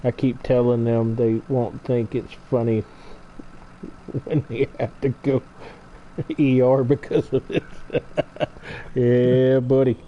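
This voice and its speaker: A man's voice: mid-range voice, flat delivery, slow pace, pauses often. A middle-aged man hosting a gaming stream, chatting casually and laughing as he tells family stories. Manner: chatty storyteller, laughs often. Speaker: gaming channel host. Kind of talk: casual chat while streaming a farming game. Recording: dull lo-fi stream audio, faint noise.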